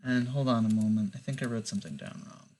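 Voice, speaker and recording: A man running a tabletop game as game master, relaxed and loose, with lots of fillers. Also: mid-range voice, fast.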